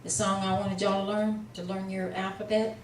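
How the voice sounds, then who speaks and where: In a mid-range voice with a level tone and normal speed, a female Hebrew teacher patiently guides her class through slow instruction, sounding somewhat tired and using lots of fillers. An echoey room, distant mic, and a little hiss or hum mark the recording.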